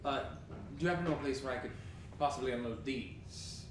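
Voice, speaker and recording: A man's voice: mid-range voice, fast. A man playing a tabletop game, speaking casually and hesitantly. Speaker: player. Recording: echoey room, loud noise.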